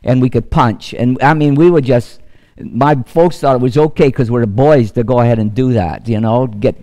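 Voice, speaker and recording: A man's voice: medium pitch, moderate pace, dark tone. Man preaching with repeated emphasis. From United States. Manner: preaching with rising emphasis, repeating key phrases. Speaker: pastor. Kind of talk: sermon.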